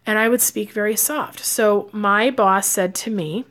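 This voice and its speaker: A woman's voice: mid-range voice, a little slow, a bit bright. A woman, a psychic and life coach, talking casually to her audience and giving advice, with lots of fillers and acted-out quotes. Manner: chatty, acts out quoted lines with filler words. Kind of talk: casual advice talk to camera.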